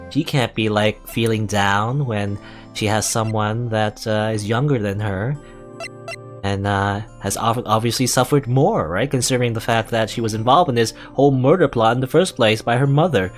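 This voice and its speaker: A man casually commenting on a story game, rambling and hesitant. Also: medium pitch. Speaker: let's play host.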